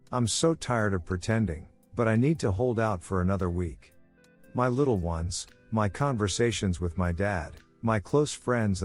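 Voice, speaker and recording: A man narrating an online story aloud at a steady reading pace. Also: on the low side.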